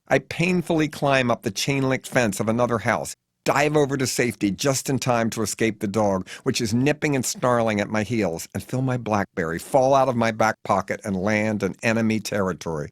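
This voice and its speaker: A man narrating his own memoir as an audiobook in an animated, comic storytelling manner. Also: mid-range voice, normal speed, no echo, studio quality.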